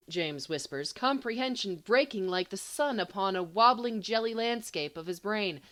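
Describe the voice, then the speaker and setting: A woman narrating a comic romance story in an expressive, playful amateur audiobook reading. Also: medium pitch, normal speed, hardly any pauses. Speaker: podfic reader.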